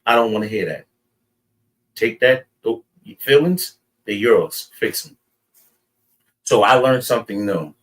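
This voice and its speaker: A man's voice: on the low side, expressive, a little slow, pauses often, distant mic, poor audio. A man from New York City animatedly telling the class a story, acting out both sides of an argument. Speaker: class member.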